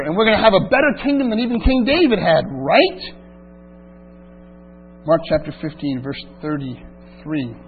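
Man, preacher, sermon, high voice, dramatic swings from hushed to loud, thin phone-like sound. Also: lively intonation, normal speed, husky. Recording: tinny phone-like recording with mains hum.

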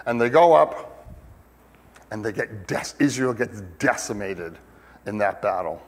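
Male pastor, unhurried conversational sermon, mid-range voice, long church reverb. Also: mid-range voice. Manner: conversational, many fillers, rises to emphatic peaks.

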